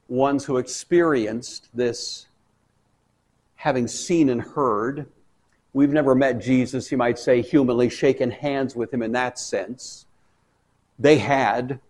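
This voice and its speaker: A man teaching a Bible study in a folksy, conversational way, breaking into loud animated bursts for emphasis. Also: mid-range voice.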